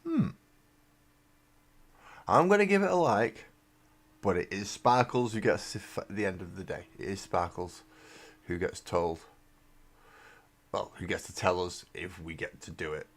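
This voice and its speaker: Low-voiced English man rambling on a live stream. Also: fairly even intonation, normal speed. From England. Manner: rambling and self-mocking, often trailing into mumbles. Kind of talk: casual live-stream chat while building miniatures. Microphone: desk mic on a live webcam stream.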